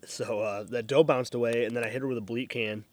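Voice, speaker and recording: A man's voice: medium pitch, fairly even intonation, fairly quick. A man hosting a casual hunting trip recap, telling the day's story in a laid-back way and swearing casually.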